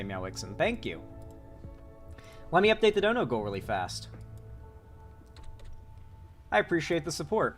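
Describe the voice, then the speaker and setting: A man from Florida chatting casually on a live stream, rambling and swearing, with a sore throat. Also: a little high. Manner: rambling, profane, excitable. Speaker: political commentary streamer.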